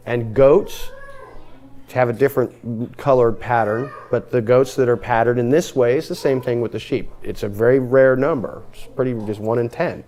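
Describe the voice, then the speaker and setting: A man teaching a group Bible study, lively, asking the group questions and acting out what the people in the text say. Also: mid-range voice, moderate pace. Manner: animated, acts out the characters' lines.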